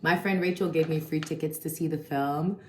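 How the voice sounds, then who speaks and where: A woman's voice: deep voice, steady tone, normal speed, darkish tone, a little hiss or hum. A woman giving a casual, chatty film review full of slang and swearing. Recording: echoey room.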